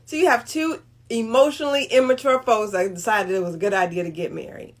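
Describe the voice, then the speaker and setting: A woman's voice: on the high side, fairly even intonation, brisk. A middle-aged woman hosting a motivational talk on relationships, speaking conversationally and often checking in with "right?". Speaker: host.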